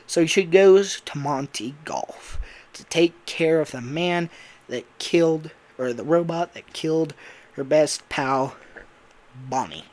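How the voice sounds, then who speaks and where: A man's voice: on the high side, measured pace, a little mellow. Rambling young man telling a fan story. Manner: rambling, laughs at himself, many fillers. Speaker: voice actor and YouTuber. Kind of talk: casual storytelling about a fan game idea.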